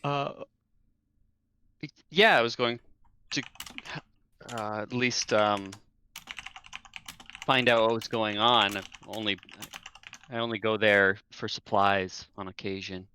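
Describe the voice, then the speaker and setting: A man playing a tabletop game, answering in a hesitant, halting way. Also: on the low side, steady tone, pushed and bright, a little hiss or hum. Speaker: player. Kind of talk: tabletop role-play chat.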